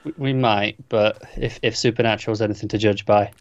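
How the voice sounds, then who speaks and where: A man's voice: fairly low pitch, fairly even intonation, a little fast. Blunt joking man on a dull mic. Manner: blunt, joking, stammers on starts. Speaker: podcast co-host. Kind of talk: casual TV review chat.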